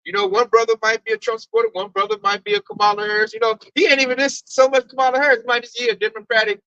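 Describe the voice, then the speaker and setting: A man in a casual religious group discussion, telling animated stories and swearing freely. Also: very high-pitched, racing, no echo. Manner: animated storyteller, mimics coworker, swears freely. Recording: dull dry recording.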